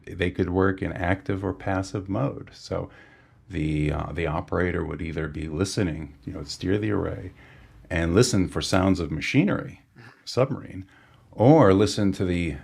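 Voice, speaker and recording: A man with a very low, gravelly voice talks through technical history in a relaxed podcast conversation. His tone is husky and a little rough. He pauses often with fillers and restarts his sentences as he explains. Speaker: sonar engineer guest.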